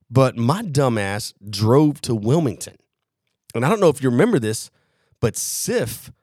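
Man co-host, casual storyteller, salty and animated, dry room sound. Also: medium pitch, dry recording. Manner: animated, swearing, acts out his own past lines. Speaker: podcast co-host.

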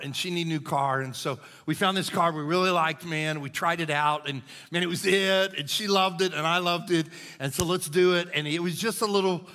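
A middle-aged male pastor tells stories from the pulpit in an easygoing, folksy way. His voice sits a touch high and bright. It rings out with the long echo of a large church hall. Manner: folksy and conversational, says "man" a lot. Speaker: lead pastor. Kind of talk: storytelling sermon. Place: church sanctuary.

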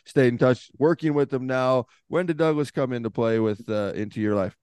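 A man's voice: medium pitch, fairly quick, darkish tone, clean tone, no echo. A man hosting a podcast, asking questions in an easygoing way, laughing often and swearing casually. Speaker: podcast host. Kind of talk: casual interview chat.

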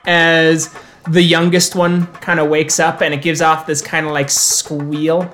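A man's voice: a little high, flat delivery, a little slow, a bit bright, soft background music. A man narrating as storyteller of a tabletop role-playing game, loose and casual with fillers.

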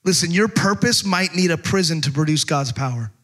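An energetic man delivering a sermon in a high voice. He talks emphatically, repeats words for punch and slips into voices to act out the story. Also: brisk. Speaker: pastor.

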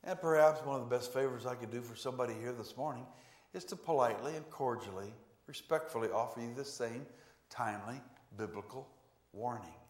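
A male pastor delivering a sermon in a church, preaching emphatically with sudden loud swells. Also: mid-range voice. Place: church sanctuary. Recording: echoey church room.

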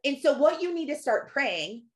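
A woman's voice: high voice, very animated, moderate pace. A woman in her thirties giving a casual, earnest faith talk, chatty and laughing often as she acts out quotes. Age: 30s. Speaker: Christian podcaster and author.

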